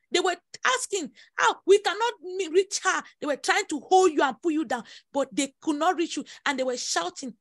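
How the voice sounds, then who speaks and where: Emphatic high-voiced woman preaching. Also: lively intonation, normal speed, no echo, clean studio sound. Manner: emphatic, repetitive, dramatic exclamations. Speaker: prophetess leading prayer. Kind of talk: prophetic sermon over prayer call.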